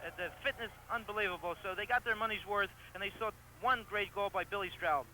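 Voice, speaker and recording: A man's voice: high-pitched, sharp tone, a little hiss or hum, low-quality recording. A man giving enthusiastic, partisan color commentary on a live soccer match, on an old broadcast recording. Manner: enthusiastic, partisan, quick analysis.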